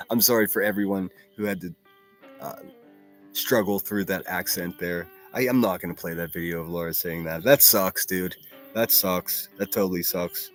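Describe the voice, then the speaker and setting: A man with a Pittsburgh accent hosts a livestream in a low voice, chatting loosely, swearing freely and calling out names from chat. Faint music plays under his talk. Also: steady tone, normal speed, a bit bright. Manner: profane, chatty, reads chat names aloud. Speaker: livestream host. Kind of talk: casual livestream commentary.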